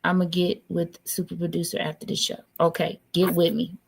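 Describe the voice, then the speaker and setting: 熱っぽく盛り上げる女性ホスト. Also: female voice, fairly low pitch, monotone, fairly quick, vocal fry, a little hiss or hum. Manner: effusive, upbeat, hype. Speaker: livestream host. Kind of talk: casual chat.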